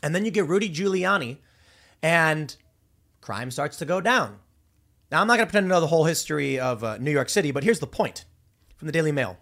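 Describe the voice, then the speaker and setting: A man from Chicago hosting a political commentary show, talking off the cuff in an animated, rambling way full of restarts and repeated words. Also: a little high, fairly quick. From Chicago, USA. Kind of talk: unscripted political monologue.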